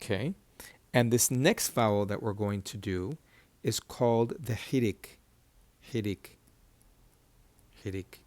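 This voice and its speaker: A man's voice: mid-range voice, measured pace, darkish tone, no echo. Patient male Hebrew teacher, dry sound. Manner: patient, repeats key terms and asks checking questions. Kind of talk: whiteboard lesson.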